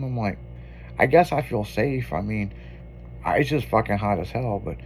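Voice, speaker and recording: A man's voice: medium pitch, very animated, fairly quick, a little mellow, a little hiss or hum. Profane storytelling radio host man. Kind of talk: casual on-air banter.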